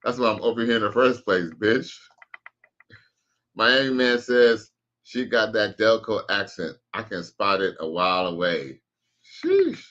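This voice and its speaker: Deep-voiced laid-back male streamer. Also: steady tone, measured pace, fairly bright tone, highs cut off. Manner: laid-back, slangy, profane, reads out chat messages. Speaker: streamer reacting to videos and chat. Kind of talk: casual live-stream commentary.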